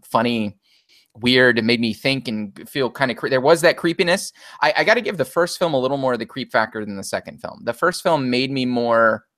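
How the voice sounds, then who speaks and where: A man's voice: mid-range voice, a bit bright, dry recording, studio quality. A man co-hosting a podcast in casual chat, analytical and thinking aloud with frequent restarts. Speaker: podcast co-host.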